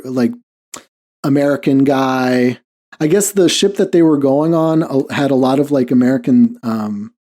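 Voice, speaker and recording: A man hosts a podcast in relaxed, rambling conversation, leaning on "like" fillers and breaking into short chuckles. His voice is mellow and warm, sitting at an ordinary middle pitch for a man. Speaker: podcast host. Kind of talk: casual podcast chat.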